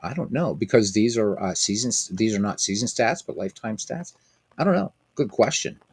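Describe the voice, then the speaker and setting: A man with a low voice hosts a casual stream of a baseball simulation game. He rambles in a chatty way, piling up ums and restarts as he talks to his viewers. The sound is dry and close, with no room echo. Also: animated, normal speed, a little mellow, breathy edge.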